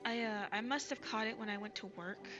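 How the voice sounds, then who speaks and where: A woman streamer chatting casually with her viewers, soft and gushing, stumbling over ums and restarts, still getting over a cold. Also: a little high, fairly even intonation, brisk, lo-fi sound. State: recovering from a cold. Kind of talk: casual live-stream chat. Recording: streamer's mic with music behind.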